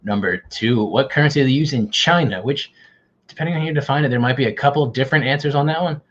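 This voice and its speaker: Husky joking quiz host, a man. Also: mid-range voice, quick pace, fairly bright tone, highs cut off. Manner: joking, self-deprecating banter. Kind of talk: casual livestream quiz hosting.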